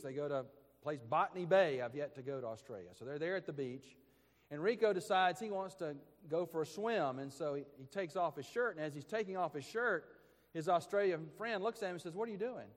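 A man's voice: fairly high pitch, brisk. Man preaching in a reverberant church. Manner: earnest, emphatic preaching with repetitions. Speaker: pastor. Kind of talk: sermon. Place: church sanctuary. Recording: long reverb of a church hall.

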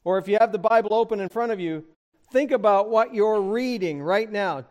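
A man preaching an expository sermon, addressing the congregation directly and rising in pitch and volume for emphasis. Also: fairly quick. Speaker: pastor.

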